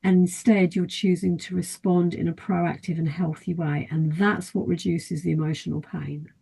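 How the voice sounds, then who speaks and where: Female therapist guest; low gravelly edge, calm and patient, podcast interview. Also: moderate pace. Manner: calm, steady teaching tone; acts out quoted inner thoughts in brief asides. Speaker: life and mindset therapist, guest. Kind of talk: podcast interview, explaining at length.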